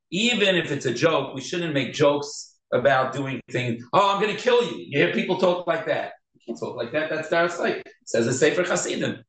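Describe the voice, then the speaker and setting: Rabbi type, man, lively Torah class lecture, slightly high voice, roomy echo. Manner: animated, switches between Hebrew terms and English, acts out quoted speech.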